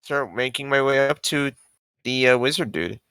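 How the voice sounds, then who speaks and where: A man's voice: medium pitch, moderate pace, sharp tone, smooth, dry recording. A man playing a tabletop game, speaking hesitantly and politely with many ums. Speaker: player. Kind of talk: tabletop role-play.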